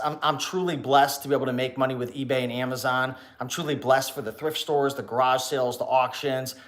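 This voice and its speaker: A man with a high, somewhat bright voice hosts a casual livestream as a reseller YouTuber. He talks to viewers in a preachy manner, firing off rhetorical questions and restarting his words.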